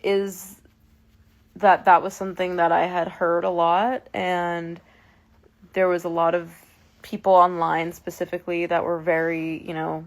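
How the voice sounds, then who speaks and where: A woman's voice: on the low side, level tone, a little slow. A woman in her twenties chatting casually with fans on a live stream from her phone, emotional and full of fillers and restarts. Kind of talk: casual livestream chat with fans.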